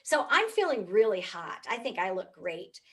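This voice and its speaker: A middle-aged woman from the United States giving a comic, animated keynote talk. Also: mid-range voice, normal speed. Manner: animated, comic, swoops up for punchlines. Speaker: motivational speaker.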